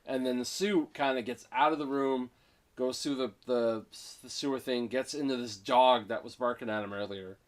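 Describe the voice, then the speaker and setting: Man, casual movie review chat, excited retelling, acts out lines, medium pitch. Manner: excited retelling, acting out lines with quick voice switches.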